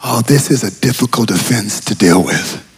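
A middle-aged man preaching a sermon as pastor, telling stories with humor and swinging from hushed tones to shouts. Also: on the low side, normal speed, slightly rough. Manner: humorous, storytelling. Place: large church auditorium.

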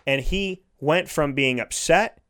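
A man speaking in a fairly high voice, delivering a sincere motivational talk. He leans on repetition and heartfelt phrasing to drive each point home. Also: slow pace, a bit bright. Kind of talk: motivational monologue.

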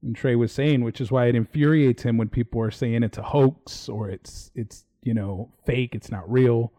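A mellow, warm-voiced man talks loosely and casually as the host of a livestream. He rambles a little and drops the odd curse word offhandedly. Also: medium pitch, moderate pace. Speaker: podcast host.

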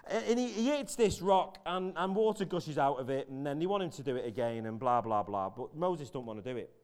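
A man's voice: a little high, lively intonation, brisk, a little mellow. A man giving a chatty, jokey sermon in a church, telling the story with many restarts. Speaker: preacher. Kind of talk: casual sermon.

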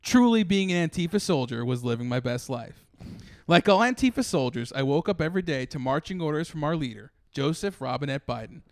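A man co-hosting a comedy podcast, telling an absurd story in a deadpan, mock-serious way. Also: on the high side, fairly quick, dry recording. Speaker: podcast co-host.

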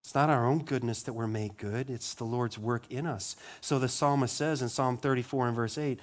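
A pastor preaching a sermon, asking the congregation rhetorical questions, building emphasis and then dropping to a low, quiet voice on solemn lines. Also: male voice, steady tone, moderate pace, hardly any pauses. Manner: rhetorical questions, rising emphasis on key words.

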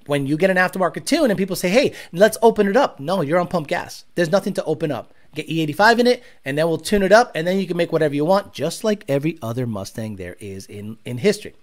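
A man's voice: high voice, a bit bright. A man hosting a car-tuning talk show, ranting bluntly and profanely with sarcastic asides. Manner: mocks others with exaggerated voices. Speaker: host.

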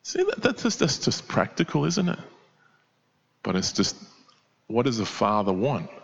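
Male pastor, mid-pitched, preaching and asking questions aloud, in a big echoing hall. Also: huge pitch swings, measured pace, gravelly, fairly bright tone. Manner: expository, with rhetorical questions. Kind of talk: sermon.

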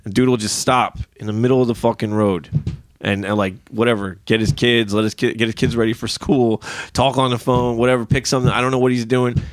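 A podcast guest in his thirties tells rambling driving stories in a casual chat, animated, profane and ranting as he goes. His mid-range voice moves a little fast, and there's no echo.

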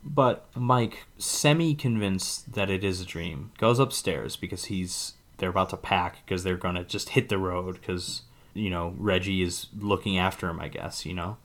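Deep-voiced yet fairly bright in tone, a podcast co-host recaps a film at normal speed in a casual chat. His retelling rambles, with plenty of hedging.

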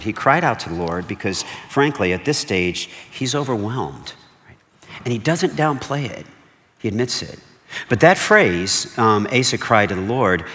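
A lower-voiced male pastor preaching with lively energy, firing rhetorical questions at his listeners and acting out quick exchanges. His voice rings through a large hall with a long, trailing reverb. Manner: animated preaching with rhetorical questions and acted-out dialogue. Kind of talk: sermon.

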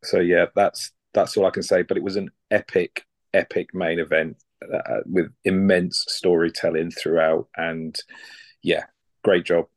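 Brief: low male guest voice, dry close sound, meandering delivery. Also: flat delivery, a little slow, no echo. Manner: rambling, stumbles over restarts. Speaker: podcast guest. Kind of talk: casual review chat.

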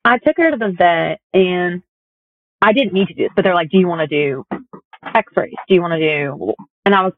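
A woman's voice: on the low side, expressive, moderate pace, no echo. Young woman telling stories over a tinny line. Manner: chatty storytelling with many fillers. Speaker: guest. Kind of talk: casual conversation. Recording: tinny phone-like audio.

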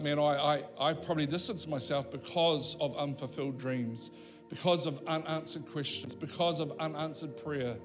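A man preaching a sermon in a fairly high voice, slowing down for weight and acting out the quoted lines with real emphasis. Soft keyboard music plays quietly underneath him. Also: big-room sound. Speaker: pastor.

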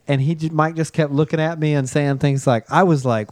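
A man telling a funny anecdote in casual chat, animated and acting out what others said. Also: a little high, a little fast, hardly any pauses, no room sound, clean studio sound. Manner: animated storyteller acting out quotes. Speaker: podcast co-host.

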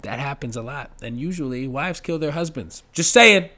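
A man performing a profane, sarcastic comedic monologue in a mid-range voice. He rambles and jumps suddenly to loud, animated bursts. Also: mid-range voice, normal speed. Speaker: stand-up comedian.

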